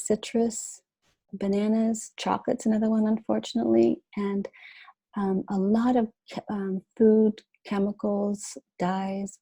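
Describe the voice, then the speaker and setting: Woman presenter talking through slides, husky voice, dry close sound. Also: mid-range voice, dark tone, no echo, low-quality recording. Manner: informal, with fillers and restarts. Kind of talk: webinar lecture.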